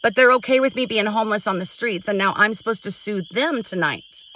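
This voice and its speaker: A middle-aged woman venting to a phone camera at home, frustrated and halting, restarting her sentences often. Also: mid-range voice, sharp tone, far from the mic, poor audio. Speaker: vlogger. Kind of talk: emotional personal vent to camera.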